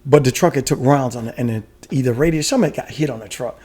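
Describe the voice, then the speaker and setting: A middle-aged man, a retired soldier, telling war stories in casual podcast chat, animated and profane, laughing often. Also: mid-range voice, quick pace, crowd noise. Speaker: guest, retired Army special forces soldier.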